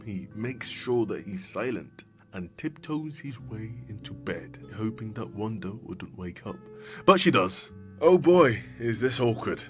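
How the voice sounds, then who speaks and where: Playful man narrating a video essay. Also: on the low side. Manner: playful, with jokey asides and mock scolding.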